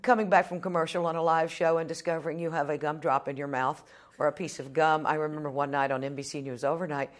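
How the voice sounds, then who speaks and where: A woman's voice: sits low, fairly even intonation, quick pace. A woman in her fifties from Texas, a television journalist answering interview questions as a plainspoken, wry storyteller.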